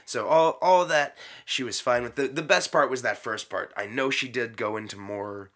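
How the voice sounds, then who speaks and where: A man's voice: medium pitch, normal speed, a bit bright. A man co-hosting a casual chat, playful and laughing often, with frequent restarts. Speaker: co-host.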